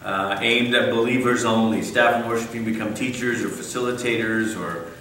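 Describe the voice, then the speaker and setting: A man's voice: on the low side, fairly even intonation, normal speed, bright, forceful tone, slight background noise. A man giving a church conference talk to a room, conversational and wry, often breaking off for asides. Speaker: conference speaker. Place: large room. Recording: echoey room, mic at a distance.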